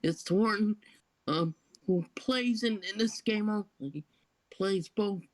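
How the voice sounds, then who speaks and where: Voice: mid-range voice, slow pace. A co-host in a casual gaming chat, easygoing and agreeable, adding bits of trivia. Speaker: podcast co-host.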